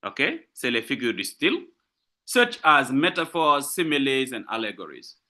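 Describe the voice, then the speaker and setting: A man's voice: mid-range voice, very animated, moderate pace, bright, forceful tone. A man giving a university literature lecture, explaining step by step, repeating key points and asking and answering his own questions.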